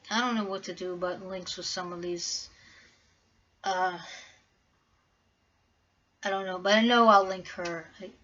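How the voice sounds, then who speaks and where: A woman's voice: on the low side, a bit bright, muffled recording, a little hiss or hum. A woman vlogging in a casual, rambling way, full of fillers and restarts. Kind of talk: casual vlog talk.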